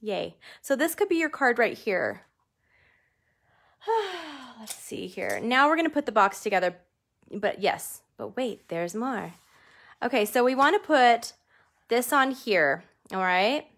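A woman's voice: a little high, very animated, a little slow, long pauses, a bit bright. A woman leading a live stamping craft tutorial from her home craft room. She talks in a chatty way, jokes about herself and laughs often. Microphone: desk camera under studio lights.

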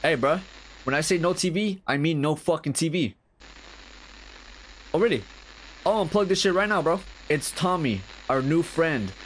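A young man streaming a horror game, reacting with crude, excitable commentary and reading on-screen text aloud. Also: fairly high pitch, normal speed, pauses often, a little hiss or hum. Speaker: gaming streamer.

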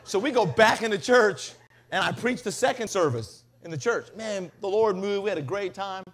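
A man from Mississippi preaches at a revival and spins a comic story with lively energy. His voice sits notably high for a man. He drops into quoted voices as he tells it. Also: moderate pace. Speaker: evangelist.

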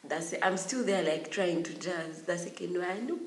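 A young adult woman, telling a story from her school days in an animated, dramatic way with many exclamations. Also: fairly low pitch, normal speed, vocal fry, hardly any pauses, noisy background. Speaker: vlogger. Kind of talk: storytime vlog. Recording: echoey room.

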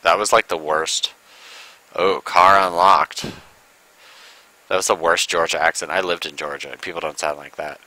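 A man's voice: sits low, fairly even intonation, moderate pace, pauses often, bright, forceful tone, no room sound, rough recording. A man giving casual let's-play commentary, rambling and sarcastic, full of "like" and asides. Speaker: gameplay commentator.

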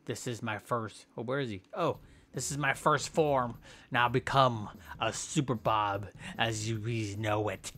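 A man's voice: medium pitch, measured pace, a bit bright, faint music behind. A man giving casual gameplay commentary with playful, goofy mock trash talk.

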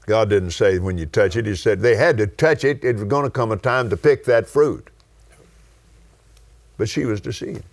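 An older man with a West Texas accent, preaching and teaching in a studio conversation, slow and emphatic, stretching key words and breaking into exclamations of praise. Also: on the low side. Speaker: television preacher and host.

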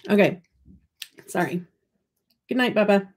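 A woman's voice: mid-range voice, unhurried, breathy edge. A middle-aged woman hosting a live stream in giggly casual chat. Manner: giggly, chatty.

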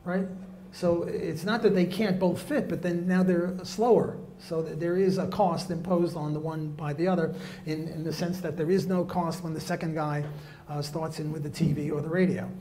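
A man's voice: a little high, steady tone, normal speed, mellow, a little hiss or hum. A man giving a live economics lecture, blunt and jokey, with many fillers and restarts.

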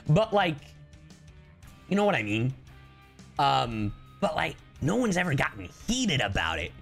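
A man from Miami, a streamer and voice actor, telling stories to his stream chat in a casual, expressive way. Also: on the high side, unhurried, creaky, faint music behind. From Miami, Florida. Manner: animated, expressive storyteller.

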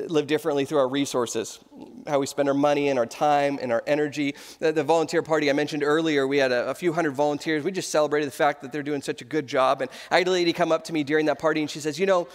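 A man in his thirties preaches a sermon as pastor, telling stories with easy humor. His voice sits a little high for a man. It carries a long reverb from a large sanctuary. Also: fairly even intonation, fast. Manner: storytelling with humor.

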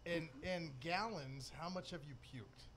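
A man's voice: on the high side, a little slow, noisy background. A man hosting a podcast, teasing and joking in casual chat. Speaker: podcast host.

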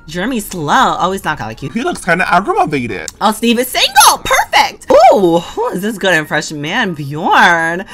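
A young woman playing a life-simulation game and commenting in a campy, slang-heavy, dramatic way, with squealing high notes. She speaks into a desk condenser microphone. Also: wildly swooping pitch, normal speed, a bit bright, soft background music. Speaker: gaming YouTuber. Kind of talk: Sims gameplay commentary.

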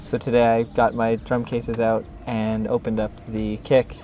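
A young drummer in a band chatting quietly and casually to the camera. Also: male voice, mid-range voice, completely flat delivery, unhurried, slight background noise. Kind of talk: casual chat.

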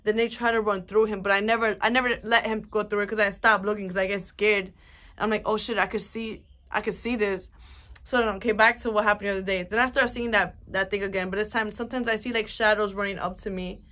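A woman's voice: medium pitch, quick pace. A young woman talks straight to her viewers in a loose, rambling way. She swears often and leans on fillers as she tells her story. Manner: rambling, animated, swears a lot, many fillers. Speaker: vlogger. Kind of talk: casual storytelling to camera.

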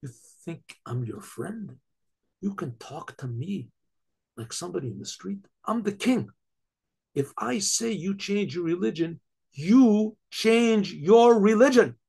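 A man voicing a stern, commanding king in a told story, gravelly and husky, dropping low and then booming out orders. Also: measured pace, exaggerated voice. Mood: threatening. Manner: dramatic, swells from low menace to loud orders.

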